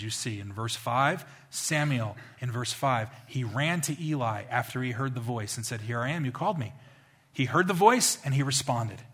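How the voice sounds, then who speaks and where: Pastor, male, lively conversational sermon delivery, bright forward tone. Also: mid-range voice. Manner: animated, conversational storytelling.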